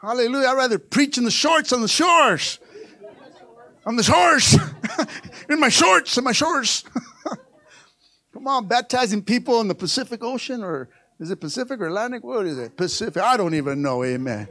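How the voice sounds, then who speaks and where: A middle-aged man preaching a sermon as pastor, swinging between quiet asides and loud rallying shouts, joking with the congregation. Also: very high voice, animated, moderate pace.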